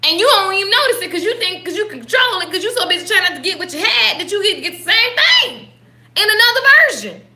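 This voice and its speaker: A woman hosting a casual inspirational talk to live viewers, speaking colloquially and directly to them, repeating her questions and dropping into soft asides. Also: extremely high pitch, animated, fast. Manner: colloquial, addresses listeners directly. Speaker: host of a daily spiritual live talk.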